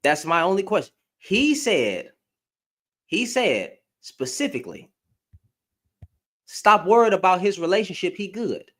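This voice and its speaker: A man's voice: high-pitched, big pitch swings, unhurried, long pauses, a bit bright. A man giving a blunt, profane opinion rant to camera, firing off rhetorical questions as a commentary vlogger.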